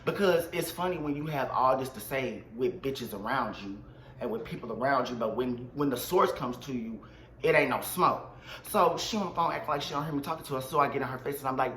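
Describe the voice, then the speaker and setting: Animated slangy man in a roomy space. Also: mid-range voice, fairly quick, a little hiss or hum. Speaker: vlogger. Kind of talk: storytime vlog.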